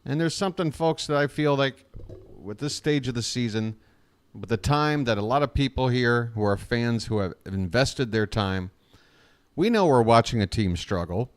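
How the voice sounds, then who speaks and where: A man's voice: medium pitch, lively intonation, moderate pace, smooth, no echo. A man hosting a live fan play-by-play stream, chatty, often calling his listeners folks, with frequent fillers.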